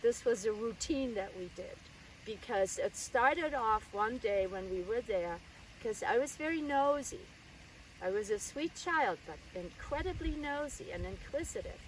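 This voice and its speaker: An older woman from Germany tells a story from her childhood in a relaxed, conversational way, full of little asides. Her voice sits a touch high, and she is heard somewhat far from the mic with faint background noise. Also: unhurried. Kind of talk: personal storytelling.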